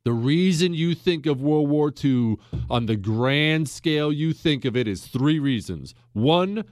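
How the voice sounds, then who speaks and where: An American man hosting a casual history talk, folksy and emphatic, with his pitch and pace swinging widely as he makes a point. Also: smooth, no room sound, clean studio sound. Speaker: podcast host.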